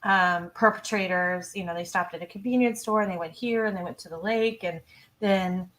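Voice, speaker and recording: A woman's voice: medium pitch, moderate pace, fairly bright tone. A woman hosting a true crime livestream, chatty and giggly, reading viewer comments aloud. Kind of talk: casual livestream chat.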